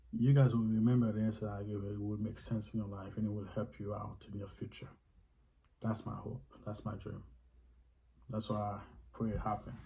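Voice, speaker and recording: A man's voice: fairly low pitch, dark tone, low-quality recording. A man hosting a question-and-answer video on faith, talking earnestly and repeating phrases for emphasis. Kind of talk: casual spoken religious Q&A.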